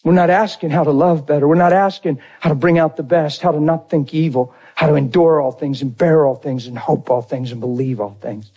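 Emotional male preacher with a husky, slightly high voice. Storytelling sermon. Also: fairly quick, hardly any pauses, mellow, dull audio. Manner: emotional storytelling preacher, unrehearsed, talks to the congregation. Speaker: pastor.

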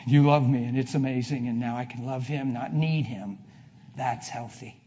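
A preacher giving a sermon to a congregation, telling a personal story, going from hushed to loud. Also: male voice, mid-range voice, fairly even intonation, moderate pace, a little hiss or hum. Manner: emphatic, swings from hushed to loud. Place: before a live congregation.

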